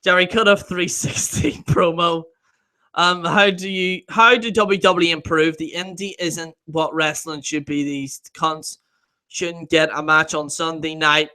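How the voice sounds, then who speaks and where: A man's voice: a little high, fairly even intonation, a little slow, sharp tone. A man hosting a casual live stream, reading viewer comments aloud, laughing often, swearing freely and trailing off mid-sentence.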